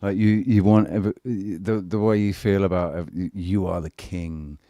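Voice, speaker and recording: A man's voice: sits low, steady tone, moderate pace, dark tone, no echo, lo-fi sound. A man hosting a casual live panel chat, rambling, crude and joking. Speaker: live show host.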